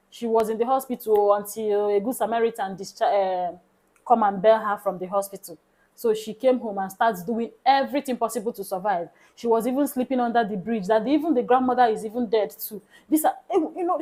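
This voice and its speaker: A Nigerian woman vlogger recounting a personal story in casual talk. She is animated and slips into soft hushed tones. Her voice sits somewhat high. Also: rough recording.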